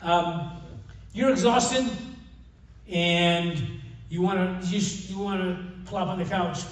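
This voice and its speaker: An older man gives a retreat talk in a high-pitched voice, telling stories with jokes and many self-corrections. He sounds far from the mic, and his voice rings through a very echoey hall. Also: slow. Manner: humorous storytelling with many restarts. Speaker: conference speaker. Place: retreat meeting room. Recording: distant, very echoey room mic.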